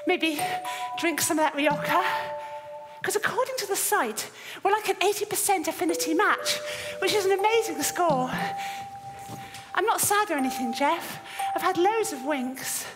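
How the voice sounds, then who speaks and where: A lonely, awkward woman chasing an online date, her voice very high and her eager, rambling talk coming in fits and starts. The line rings through a theatre stage with a long reverb. Music plays clearly behind her. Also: moderate pace. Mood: chatty, awkward. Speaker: stage performer. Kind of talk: dance theatre monologue. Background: music score.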